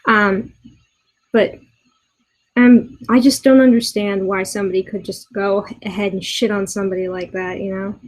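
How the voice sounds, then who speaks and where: Exasperated young woman ranting, halting. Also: medium pitch, fairly even intonation, a little mellow, rough recording. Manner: exasperated, halting with many restarts, swears often. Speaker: vlogger. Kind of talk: ranting commentary video. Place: a room in her boyfriend's house.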